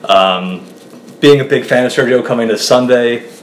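A man speaking as a guest on a podcast, talking eagerly and quickly about golf. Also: medium pitch. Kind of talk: casual podcast chat. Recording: echoey room with faint hum.

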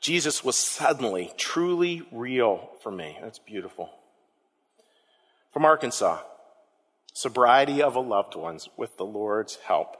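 A man preaching a sermon as pastor, telling the story with animated emphasis and repeating words for effect. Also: medium pitch, a little slow, in a large hall.

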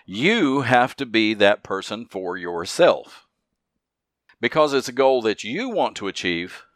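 A man's voice: medium pitch, very animated, slow, a bit bright, no echo, clean studio sound. A man hosting a solo motivational podcast, talking earnestly and leaning hard on repeated key phrases. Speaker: podcast host.

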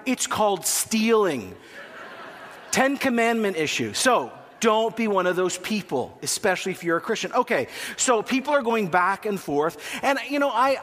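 A man's voice: high-pitched, a bit bright. A Canadian man preaching a sermon in a chatty, joking way, asking the congregation questions. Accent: Canadian English. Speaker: pastor. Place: church hall. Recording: long hall reverb.

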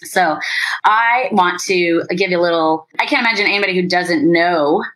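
A woman hosts a podcast in a casual, upbeat chat. She talks freely and laughs often, her voice sitting a little low for a woman. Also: normal speed, a bit bright, low-quality recording. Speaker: podcast host.

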